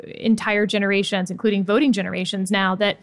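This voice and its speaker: A woman in her forties from Texas, co-hosting and talking candidly in an animated conversational discussion. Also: medium pitch, quick pace, no room sound, studio quality. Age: 40s. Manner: animated, candid, chatty with many fillers. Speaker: podcast co-host.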